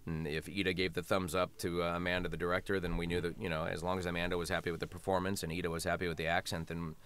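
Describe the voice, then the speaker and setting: A man's voice: low-pitched, flat delivery, very fast, a bit bright. A man talking as a voice actor guest in a casual interview, chatty and laughing often.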